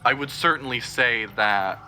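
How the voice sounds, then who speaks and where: A man's voice: medium pitch, moderate pace, sharp tone. A man playing a tabletop role-playing game, narrating his character's actions with wry asides. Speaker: player.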